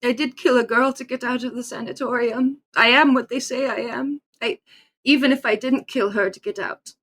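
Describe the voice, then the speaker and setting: A woman player role-playing her character in a tabletop game, emotional and halting. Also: high voice, steady tone, a bit bright.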